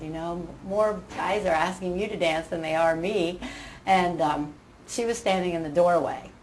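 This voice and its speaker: An older woman, a surgery patient, telling a lively anecdote in casual chat and acting out the quotes. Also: sits low, a little hiss or hum, poor audio. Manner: animated storyteller, acts out quotes, laughs.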